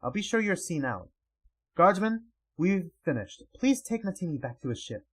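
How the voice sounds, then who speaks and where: A man's voice: sits high, big pitch swings, a bit bright, breathy edge, exaggerated voice, low-quality recording. A man reading a gracious, formal female ruler. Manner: measured and formal.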